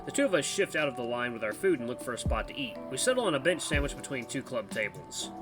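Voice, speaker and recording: A man hosting a let's play, chatty and animated, reading game text and the main character's lines. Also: mid-range voice, fast talker. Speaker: gaming channel host. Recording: background music under voice.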